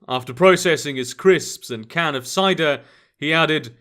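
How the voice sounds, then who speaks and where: A man narrating an urban fantasy story in an expressive scripted reading. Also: fairly high pitch, a little slow.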